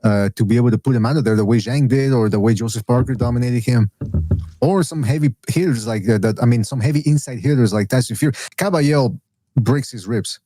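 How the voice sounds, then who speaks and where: A man's voice: medium pitch, fast, mellow, no echo. A man hosting a casual boxing podcast, opinionated and rambling, full of restarts and asides. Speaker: podcast host.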